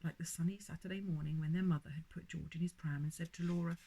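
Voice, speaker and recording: Woman reading a bedtime story, lowish husky voice, lots of melody. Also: quick pace, low-quality recording. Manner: lively, expressive reading.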